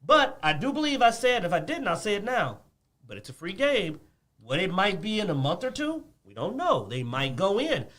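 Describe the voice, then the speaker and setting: Animated high-voiced man ranting. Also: normal speed. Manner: animated, ranting, laughs often. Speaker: podcast co-host. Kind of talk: casual chat about games.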